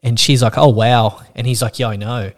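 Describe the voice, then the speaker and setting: A man spins a rambling anecdote in casual podcast chat. He swears often and slips into lively impressions of the people he quotes. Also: mid-range voice, moderate pace. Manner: animated, swears freely, acts out quoted voices. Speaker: podcast host.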